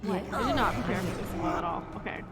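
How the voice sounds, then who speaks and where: A woman's voice: mid-range voice, big pitch swings, quick pace, loud music behind the voice. A young woman streaming a game, chatting casually, joking, swearing freely and laughing often. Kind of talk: casual chat while gaming.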